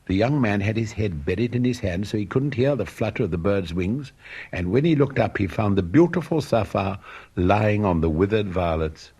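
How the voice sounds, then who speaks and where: Husky man reading a fairy tale. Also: fairly low pitch. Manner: expressive, dramatic storytelling. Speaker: narrator. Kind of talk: storybook reading.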